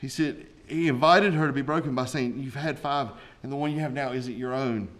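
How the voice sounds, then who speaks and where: A man's voice: medium pitch, brisk. A man, a pastor preaching a sermon with folksy asides and rising intensity.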